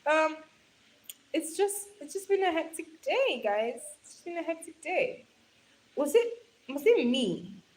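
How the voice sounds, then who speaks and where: A young woman with a slightly high voice hosts a casual livestream, reading out viewers' comments and answering them warmly. She calls everyone darling and my love, laughs often, and speaks into a phone she holds in her hand. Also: sing-song, measured pace, poor audio. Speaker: livestream host. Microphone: phone held in hand.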